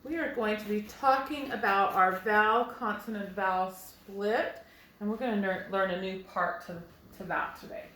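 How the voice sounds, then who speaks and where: A woman's voice: mid-range voice, moderate pace, bright, forceful tone. A woman teacher leads a phonics lesson for young children, walking them patiently through each step. Her voice sits in the middle range and rings a little in an echoey room. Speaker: first grade teacher.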